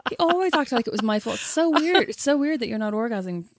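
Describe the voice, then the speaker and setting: A woman's voice: fairly high pitch, expressive, fast, dry recording, studio quality. A young Irish woman, a podcast co-host, telling a story in casual chat and acting out the quotes.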